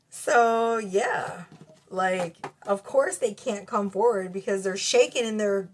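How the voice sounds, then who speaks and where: A woman with children doing a casual tarot reading to camera at home, blunt and profane, laughing often. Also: medium pitch. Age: adult with children. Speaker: tarot reader. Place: cluttered bedroom at home. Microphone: camera mic.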